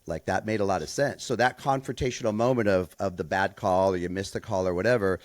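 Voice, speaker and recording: Low-voiced man telling coaching stories. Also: fast, hardly any pauses, dry recording. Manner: storytelling, calm, quotes people in voices. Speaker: podcast co-host, softball coach. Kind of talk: casual podcast chat.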